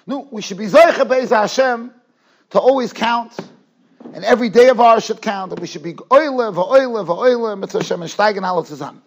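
A man's voice: sits high, brisk. A man giving a rabbi's Torah lecture, emphatic, repeating phrases and mixing Hebrew and Yiddish terms into English. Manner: emphatic, rises to near-shouts on key points; repeats phrases while building a point. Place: yeshiva study hall.

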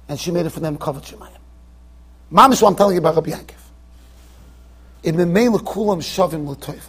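A rabbi teaches a Torah class in a very high voice with a husky edge. His delivery is emphatic and keeps swinging up and down in pitch. He slips Yiddish and Hebrew terms into his English. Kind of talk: yeshiva Torah lecture. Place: yeshiva study hall.

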